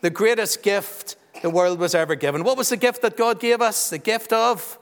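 A man's voice: sits high, normal speed. A man, a pastor giving a children's talk during a church service, playfully quizzing the kids. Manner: warm, teasing, quizzes children. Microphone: handheld microphone passed around. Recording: long church reverb.

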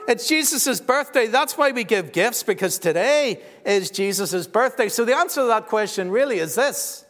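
A man's voice: extremely high pitch, lively intonation, moderate pace. A man, a pastor giving a children's talk during a church service, playfully quizzing the kids. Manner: warm, teasing, quizzes children. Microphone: handheld microphone passed around. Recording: long church reverb.

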